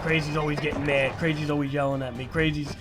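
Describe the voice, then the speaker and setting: Guy putting on a sulky whiny teenage boy, low and mumbly, complaining. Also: level tone, quick pace, loud music behind the voice, close to an everyday voice. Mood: sulky whining.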